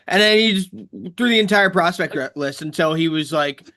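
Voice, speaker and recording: A man's voice: sits high, fairly quick, hardly any pauses, sharp tone. A man co-hosting a fan sports podcast, talking in an exasperated, sarcastic way in casual chat. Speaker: podcast co-host.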